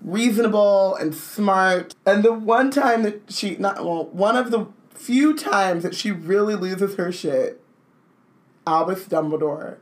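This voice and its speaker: Rambling, animated woman on a podcast. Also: mid-range voice, takes it slowly. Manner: rambling, animated riffs full of "like". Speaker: podcast co-host. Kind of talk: casual chat.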